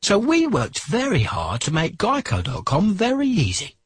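A man reading a wry scripted radio ad in a husky voice. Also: high-pitched, huge pitch swings, moderate pace, dry recording, studio quality, exaggerated voice.

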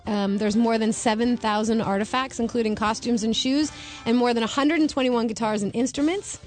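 High, chatty female radio co-host. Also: steady tone, a little fast, a little mellow, faint music behind. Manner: chatty, reads entertainment news, laughs easily. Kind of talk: casual morning show banter.

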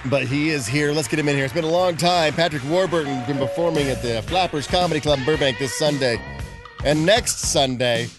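A man's voice: fairly high pitch, fairly quick, music in the background. A man hosting a radio show, talking in an easygoing way and plugging events. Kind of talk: casual radio talk. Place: radio studio.

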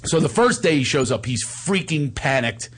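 A man telling a wild story in animated fashion, laughing as he goes. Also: a little high, moderate pace, breathy edge. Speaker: actor and filmmaker telling a story. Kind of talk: casual anecdote.

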